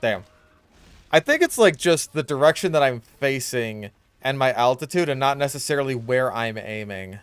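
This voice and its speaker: A young man giving casual, chatty commentary over his own gameplay, now and then bursting out in loud reactions. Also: mid-range voice, lively intonation, normal speed, smooth, no room sound. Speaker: gaming YouTuber.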